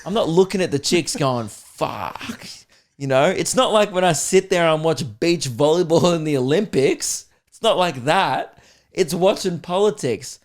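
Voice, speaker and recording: A young Australian man with a somewhat high voice hosts a comedy podcast. He rants with crude humour and breaks into laughter as he goes. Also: normal speed. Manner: animated, profane, laughing often. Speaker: podcast host.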